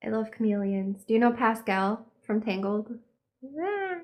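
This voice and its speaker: A woman's voice: mid-range voice, little pitch movement, normal speed, darkish tone. A young woman giving a casual spiritual reading, meandering and dreamy, with lots of fillers. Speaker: tarot and horoscope reader.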